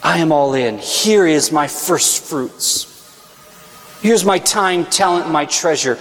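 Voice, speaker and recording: A man's voice: fairly high pitch, expressive, takes it slowly, fairly bright tone, faint music behind. A man preaching a sermon in earnest tones, rising to emphatic peaks on his key points. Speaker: speaker on stewardship. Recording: echoey hall reverb.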